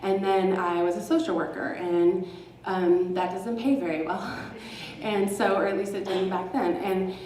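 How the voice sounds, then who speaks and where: A woman's voice: medium pitch, steady tone, normal speed, few pauses, darkish tone, slight background noise. A woman from Texas telling a personal story to a live audience, sarcastic and casually profane, often laughing. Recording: roomy hall, mic at a distance.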